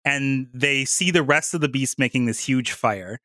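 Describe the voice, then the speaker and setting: Man, casual chat, rambling story recap, bright tone, dry close sound. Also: mid-range voice, no echo. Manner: rambling, animated retelling with quick voices for characters. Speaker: podcast co-host recapping a book.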